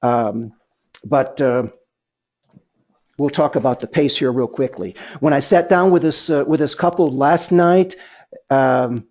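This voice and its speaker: A man's voice: medium pitch, unhurried, pauses often, a little mellow, muffled recording. A man leading a sales training webinar, emphatic and rambling, often restarting his sentences.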